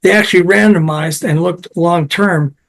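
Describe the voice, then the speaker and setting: A man's voice: sits high, moderate pace, gravelly, fairly bright tone. A man being interviewed as a health science expert, talking in a digressive way and mixing anecdotes with technical detail. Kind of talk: conversational interview.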